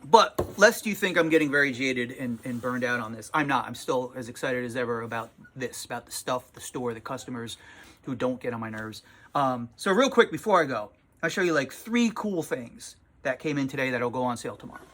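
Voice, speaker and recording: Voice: medium pitch, expressive, fairly quick, fairly bright tone, a little hiss or hum. A tired comic shop owner talking in a casual vlog from the small shop, exasperated and sarcastic, swearing freely.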